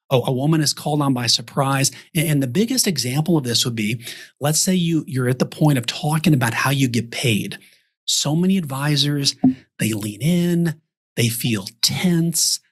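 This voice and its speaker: A man's voice: fairly high pitch, breathy edge. A man from Texas, a guest on a podcast, coaching advisors by acting out example conversations. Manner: animated storyteller acting out example dialogues. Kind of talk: podcast interview talk.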